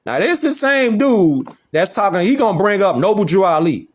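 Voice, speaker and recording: Emphatic male commentator, high and very lively delivery. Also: normal speed, few pauses, slightly rough. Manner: emphatic, preachy, rhetorical questions. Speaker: host reacting to a clip. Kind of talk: animated commentary.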